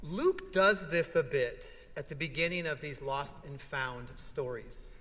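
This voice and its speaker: Guy preaching a sermon, bright tone, kinda high voice, big echoey church. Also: unhurried. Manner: animated storytelling with rhetorical questions. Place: large church sanctuary.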